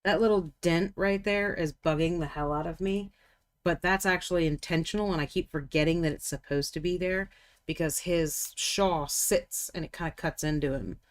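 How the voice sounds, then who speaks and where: A woman's voice: fairly low pitch, normal speed. A woman hosting a live miniature painting stream, chatting casually and thinking aloud as she works. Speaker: livestream painting host. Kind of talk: casual livestream chat while painting.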